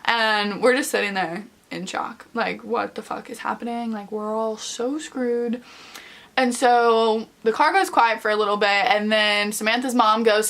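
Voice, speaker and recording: A woman's voice: a little high, fairly even intonation, a little slow, a bit bright. A young woman casually telling a storytime tale in a chatty, profane way, full of fillers. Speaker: vlogger.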